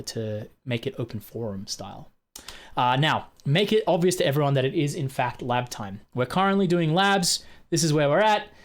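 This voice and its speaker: A man teaching fellow instructors in a casual, chatty screen-share walkthrough, often checking in with "right?", recorded on a computer mic. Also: mid-range voice. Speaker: technical instructor training other instructors.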